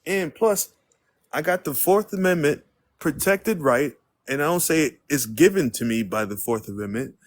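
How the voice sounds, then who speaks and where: A man's voice: a little high, animated, normal speed. A man hosting a live stream, talking bluntly and emphatically and swearing freely.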